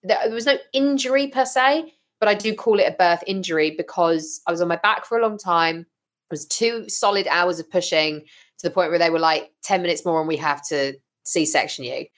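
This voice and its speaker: A woman talking as a podcast guest, telling her story frankly and with lively, blunt humour. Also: on the low side, fairly quick. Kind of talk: casual interview chat.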